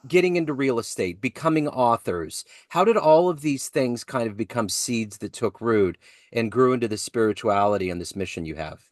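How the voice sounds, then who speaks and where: Animated male podcast host, dry sound. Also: medium pitch, normal speed, no echo. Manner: animated, laughing storyteller. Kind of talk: casual interview chat.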